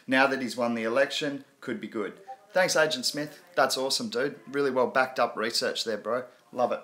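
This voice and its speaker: A man hosts a casual crypto live stream, talking in a loose, rambling way. His voice is bright and forward. He stops often to read viewer comments aloud, laughing as he goes. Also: mid-range voice, moderate pace.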